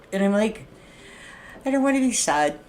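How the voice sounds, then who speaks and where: A woman's voice: medium pitch, a little mellow, slight background noise. A middle-aged woman livestreaming a casual, rambling rant, blunt and full of swearing. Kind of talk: casual venting monologue.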